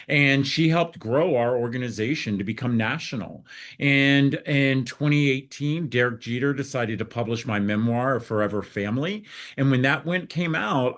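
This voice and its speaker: A man's voice: mid-range voice, a bit bright. A middle-aged American man, a foster care advocate, telling his story in an interview with earnest, heartfelt feeling.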